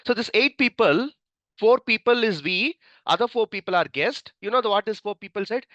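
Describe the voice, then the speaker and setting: A male trainer lectures his class, his pitch rising and falling a lot as he explains. He often repeats phrases and asks the class questions. The recording is dull and lo-fi, with a close, dry sound. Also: animated, normal speed, fairly bright tone, no echo. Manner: repetitive, storytelling, quizzes the class. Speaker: cloud computing trainer.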